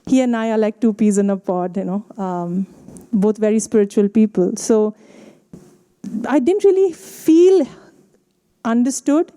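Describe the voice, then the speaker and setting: A woman's voice: medium pitch, measured pace, pauses often. A middle-aged woman from India giving a personal storytelling talk at an event, acting out dialogue with a lifted voice. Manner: animated, acts out dialogue with lifted voice. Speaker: speaker. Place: event hall.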